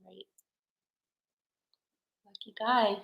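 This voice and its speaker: A woman reacting off to the side with short, warm interjections. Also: extremely slow, reverberant, lo-fi sound.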